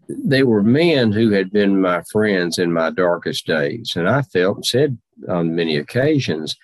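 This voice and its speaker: Male reenactor as a formal old general-president; deep voice, slow measured delivery, dry close sound. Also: dry recording. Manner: slow, deliberate, formal nineteenth-century phrasing. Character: aging Civil War general and president, dignified, measured. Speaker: historical reenactor in character. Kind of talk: first-person historical portrayal.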